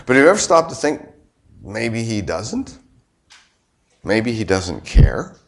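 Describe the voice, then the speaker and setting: A man's voice: on the low side, sing-song, takes it slowly, creaky. A middle-aged man preaching a sermon in a conversational way, firing rhetorical questions at the congregation and tossing in joking asides. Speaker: pastor.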